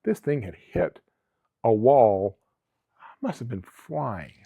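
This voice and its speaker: A man's voice: mid-range voice, sing-song, slow, vocal fry, mellow, husky, no room sound. A middle-aged man from Alabama, a former police officer, telling stories in a casual interview, earnest and rambling with frequent restarts. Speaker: guest, former police officer and travel agency owner. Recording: dry, tinny phone-like sound.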